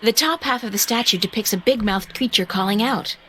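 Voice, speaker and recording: A woman's voice: fairly high pitch, brisk, background noise, lightly acted. An actress voicing a young woman adventurer in a video game, describing what she sees in a matter-of-fact, observant way.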